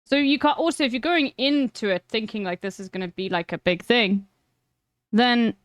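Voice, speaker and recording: A woman streamer speaks frankly to her viewers, her voice sitting a little high. She swears freely and hands out blunt advice. The sound is dry and close, with no room around it. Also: moderate pace, no room sound. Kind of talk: casual chat with viewers.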